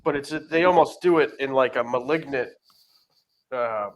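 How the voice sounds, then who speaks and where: A man co-hosting a podcast, chatting casually, halting and searching for words. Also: medium pitch. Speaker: podcast co-host. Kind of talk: casual chat.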